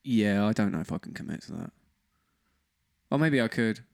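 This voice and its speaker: Lively joking man. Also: fairly low pitch, normal speed, gravelly. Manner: crude, jokey, laughs often, puts on silly voices. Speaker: podcast co-host. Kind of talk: casual comedic chat.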